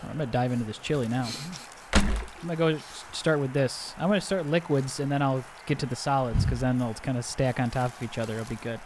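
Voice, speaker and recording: A man playing a deadpan gluttonous salesman. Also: mid-range voice, fast talker, background noise, close to an everyday voice. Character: sweaty divorced male salesman, glutton. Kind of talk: improvised comedy scene.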